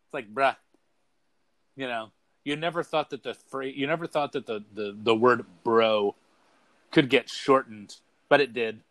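A man's voice: mid-range voice, normal speed, a bit bright, no echo. A man co-hosting a casual talk show, rambling and repeating words as he searches for what to say. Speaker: podcast co-host. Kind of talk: casual chat.

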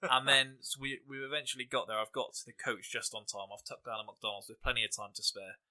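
A young English podcast host rambles through funny anecdotes and fight predictions in casual chat, laughing as he talks. His mid-range voice is fast, bright and forceful, with a steady tone.

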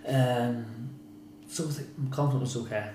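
A man's voice: medium pitch, steady tone, normal speed, mellow. Man, Northern Irish accent, former boxer, rambling and frank, echoey room, background noise. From Northern Ireland. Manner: rambling, repeats himself, frank and swears. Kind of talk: casual interview.

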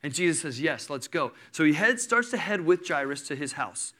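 A man in his thirties preaching a sermon, telling a story with lively energy and acting out the people in it. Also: on the high side, a little fast. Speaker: pastor.

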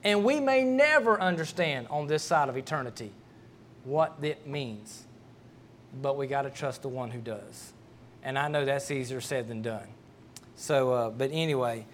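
Folksy pastor preaching. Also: male voice, fairly high pitch. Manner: folksy, storytelling, repeats words as he restarts. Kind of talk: sermon.

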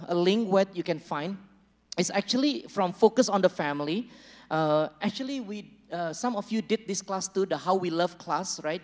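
A man preaching a sermon as a pastor, conversational and joking with the congregation, acting out small dialogues. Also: sits high. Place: church hall. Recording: long reverb of a large church hall.

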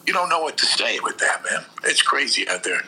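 A man's voice: medium pitch, very animated, fairly quick, sharp tone, husky, rough recording. A man co-hosting a podcast, ranting and telling heated stories in casual chat. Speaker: podcast co-host.

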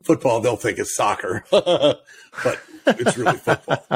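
A man co-hosting a casual podcast, playful and quick to laugh. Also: medium pitch, lively intonation, slightly rough. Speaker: podcast co-host. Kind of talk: casual chat. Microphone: studio microphone.

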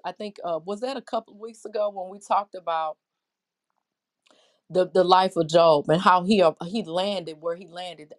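A middle-aged woman preaching a Bible lesson in an impassioned, conversational way, often putting questions to her listeners. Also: mid-range voice.

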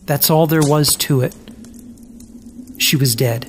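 A storyteller reading a children's story aloud in a slow, measured, gentle way with long pauses. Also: medium pitch, a little hiss or hum. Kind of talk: scripted narration of a children's story.

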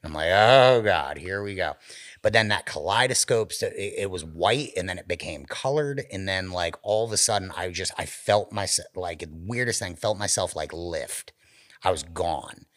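A man's voice: low-pitched, normal speed. A man, a podcast co-host, telling a story in casual chat, swearing a lot and acting out the voices of the people in it. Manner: animated, profane storytelling with acted quotes.

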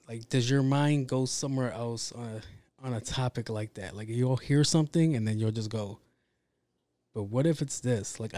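Rambling, profane podcast host, mellow man. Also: medium pitch, no room sound. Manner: rambling, profane, self-interrupting. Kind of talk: casual monologue.

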